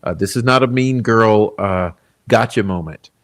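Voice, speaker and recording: Low-ish voiced guy doing a chill livestream, reading chat, chuckling and rambling. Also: normal speed. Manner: laid-back, chuckling, rambling with many fillers. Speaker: livestream host.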